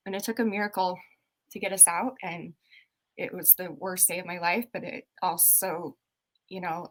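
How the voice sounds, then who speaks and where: A woman's voice: on the low side, a bit bright. A woman co-hosting a casual podcast, speaking openly and chattily, often breaking off mid-sentence. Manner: chatty, self-interrupting, open. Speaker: podcast co-host. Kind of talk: casual chat.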